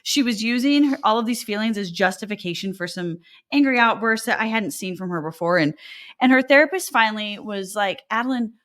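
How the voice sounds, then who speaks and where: A woman's voice: mid-range voice, expressive, a little fast, fairly bright tone. A woman co-hosting a podcast, talking in an earnest, reflective way about her own parenting. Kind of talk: casual conversational podcast chat.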